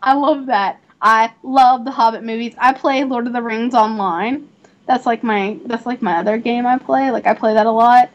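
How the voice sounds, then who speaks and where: A young woman hosting a livestream, chatting casually while gaming, giggly and quick to apologize. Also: a little high, fairly even intonation, highs cut off. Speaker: livestream host.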